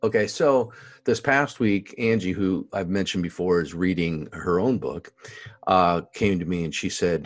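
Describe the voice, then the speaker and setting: A very deep-voiced man co-hosts a casual podcast. He talks in an animated, chatty way and laughs often. His voice sounds dry and close, with no room around it. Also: measured pace, no room sound. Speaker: podcast co-host, expectant father. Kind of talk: casual chat.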